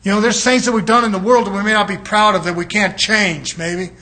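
A middle-aged male preacher with a notably high-pitched voice delivers a sermon. He speaks in a plain, folksy way and keeps driving his points home, checking in with the congregation through pointed rhetorical questions. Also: steady tone, fairly quick, sharp tone. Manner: emphatic and folksy, prodding listeners with rhetorical questions.

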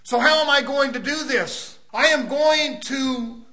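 High-voiced preacher guy at church, bright cutting tone, fired up and emphatic. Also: a little slow. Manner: fervent, emphatic, rhetorical questions. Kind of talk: sermon. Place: church service.

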